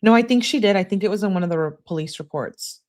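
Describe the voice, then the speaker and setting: A woman's voice: mid-range voice, fast talker, darkish tone. A young woman reading a couple's text messages aloud and breaking off with blunt, scornful asides as a true crime commentator.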